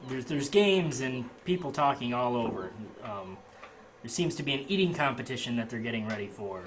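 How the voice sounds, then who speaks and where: A man's voice: mid-range voice, expressive, moderate pace, a crowd in the background. A man narrating as game master of a tabletop game, casual and hesitant with fillers. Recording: noisy home recording.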